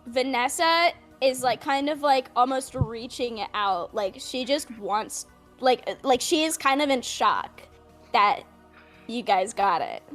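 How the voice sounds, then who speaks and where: A woman's voice: a little high, animated, slow pace, a bit bright. A woman running a tabletop game as game master, chatty and describing scenes with many fillers. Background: faint background music.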